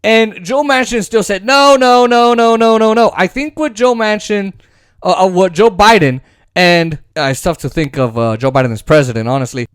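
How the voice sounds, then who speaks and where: A man's voice: sits high, moderate pace, no room sound, studio quality. A man hosting casual political commentary, rambling and sarcastic, with frequent restarts and mocking impressions.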